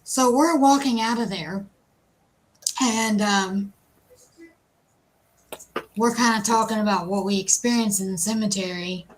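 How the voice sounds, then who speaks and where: A woman co-hosting a live stream, telling a self-mocking story in a casual, animated way. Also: mid-range voice, a little slow, long pauses, a little hiss or hum, low-quality recording. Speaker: co-host.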